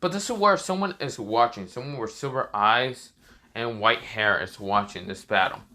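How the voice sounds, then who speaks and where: A man tells a fan-made story in a loose, rambling way. He keeps stopping himself with fillers and restarts. His voice is bright and forceful. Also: mid-range voice, normal speed, a little hiss or hum. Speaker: narrator. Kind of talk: casual fan story narration.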